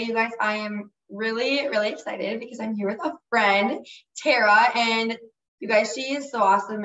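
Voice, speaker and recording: A woman's voice: on the high side, fairly bright tone, reverberant, distant mic, dull audio. A woman hosting a faith-centered podcast, upbeat and chatty, who is losing her voice. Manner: upbeat, chatty, many fillers. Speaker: podcast host. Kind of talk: casual podcast interview.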